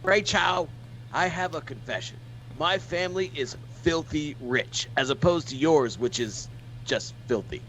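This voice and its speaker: A man's voice: fairly high pitch, measured pace, a bit bright, a little hiss or hum, rough recording. A man putting on a snobbish rich young boyfriend, haughty and sneering, in a comedy read-through.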